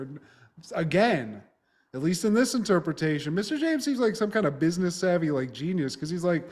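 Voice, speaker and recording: A man's voice: high-pitched, very animated, a little fast, a little mellow. Podcast co-host, young man with a light voice, loose and profane, performs the dialogue as he retells. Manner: profane, acts out characters' lines while retelling. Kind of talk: casual chat recapping a TV episode.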